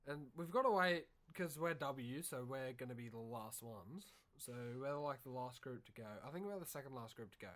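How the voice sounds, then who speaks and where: In casual podcast chat, a young adult Australian co-host launches into a long, rambling story, swearing a lot and staying animated. He speaks in a mid-range voice at normal speed, with few pauses.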